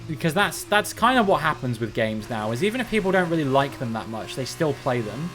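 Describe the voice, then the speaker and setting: A game streamer from Cornwall chats casually in a general Southern English accent. He muses aloud and often restarts his sentences. His voice sits at a middling pitch for a man. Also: big pitch swings, brisk, fairly bright tone, slight background noise. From Cornwall, England. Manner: rambling, musing, frequent restarts. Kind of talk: casual livestream chat.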